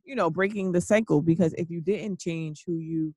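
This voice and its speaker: A man hosting a casual talk, animated and laughing often as he recaps his guest's points. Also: fairly high pitch, normal speed, no room sound. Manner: animated, laughing, repeats "literally". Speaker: podcast host.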